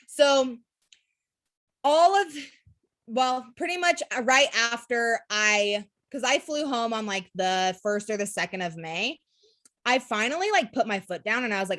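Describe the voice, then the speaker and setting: A woman's voice: a little high, lively intonation, moderate pace, a bit bright, no room sound. Candid young woman telling her story. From Utah, USA. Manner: candid, swearing, lots of "like" and "literally". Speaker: network marketing seller. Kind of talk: casual storytelling to camera.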